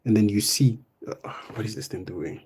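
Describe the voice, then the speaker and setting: A young man teaching math in a live online exam revision lesson, casual and step by step, often tagging on "right?" and "boom". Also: moderate pace, warm tone, slight background noise. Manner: explains step by step, coaxing students.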